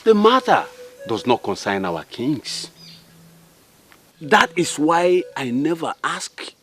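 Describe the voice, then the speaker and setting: A man playing a calm, dignified envoy from a neighbouring village, speaking slowly and solemnly. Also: medium pitch, soft background music. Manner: slow, measured, solemn.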